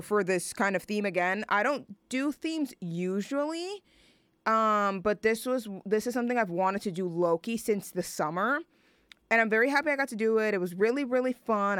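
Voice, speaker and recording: Smooth-voiced chatty young woman radio host. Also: mid-range voice, a bit bright, dry recording. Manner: rambling, chatty, many fillers and restarts. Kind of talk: casual chat between songs.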